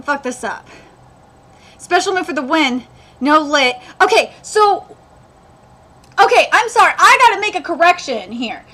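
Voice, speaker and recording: A woman's voice: high voice, pushed and bright. A woman hosting a live anime reaction, ranting with exasperation and swearing freely as she checks details against the manga.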